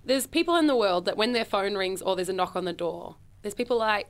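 A woman co-hosting a casual comedy chat show, playful and quick to laugh, often acting out little voices. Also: mid-range voice, animated. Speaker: co-host.

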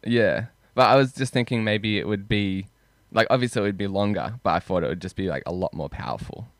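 Aussie guy with a really low voice, asking stuff on a podcast, swears a bit, dry mic. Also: a little fast, dry recording. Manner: curious questioner, casual swearing. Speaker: podcast co-host. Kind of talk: casual chat.

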